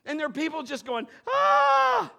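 A man preaching a sermon at a church service, animated and playful, moving between loud exhortation and quiet asides. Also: sits high, moderate pace.

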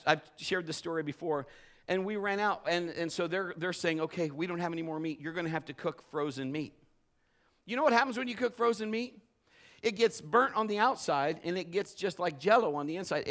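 High, bright-voiced preaching man. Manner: animated, swings from shouting to hushed storytelling. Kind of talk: sermon with personal testimony.

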